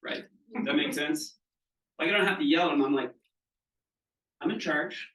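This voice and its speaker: A man's voice: fairly high pitch, fairly quick, fairly bright tone, recorded from a distance. A middle-aged man leading a wellness training session to an audience, chatty and casual, often asking whether his listeners follow. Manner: casual, frequent checking questions. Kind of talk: live seminar talk. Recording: echoey room, voice from off mic.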